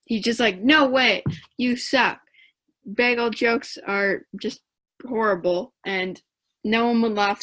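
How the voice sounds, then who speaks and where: A woman's voice: medium pitch, fairly bright tone, low-quality recording. A young woman improvising a playful story and acting out the characters' quotes. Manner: unhurried, playful, acts out quotes. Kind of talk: improvised round-robin storytelling.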